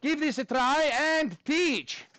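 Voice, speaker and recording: A man putting on a comic Russian accent, dropping articles in slow, emphatic broken English. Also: very high-pitched, warm tone, pitched above the performer's own voice. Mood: mock-serious.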